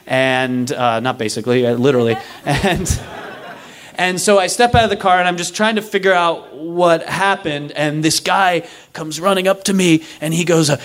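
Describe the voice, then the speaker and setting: A young man tells a funny personal story to a live audience. His voice sits a little higher than most men's, and it jumps around as he acts out each person in the story. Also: moderate pace. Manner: animated, acts out other people's lines. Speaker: stand-up storyteller. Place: live stage before an audience.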